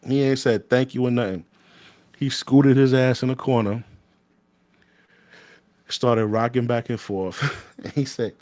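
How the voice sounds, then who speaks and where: A man's voice: medium pitch, fairly even intonation, measured pace, long pauses, darkish tone, dry recording. A man, a former corrections officer telling a story in casual, blunt, profane talk that often restarts mid-sentence.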